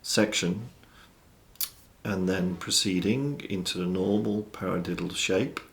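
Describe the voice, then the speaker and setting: A man with a very low, gravelly voice explains drum rudiments. He talks in a measured, methodical way, calling out stickings one by one. He sounds like a teacher walking a student through an exercise. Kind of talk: instructional explanation. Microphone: studio mic with monitor system.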